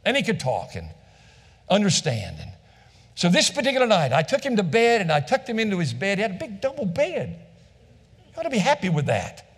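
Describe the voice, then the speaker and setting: A man's voice: high voice, huge pitch swings, a little fast, breathy edge. A male pastor telling a story in a sermon, acting out the dialogue and repeating phrases for effect. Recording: long reverb of a large hall.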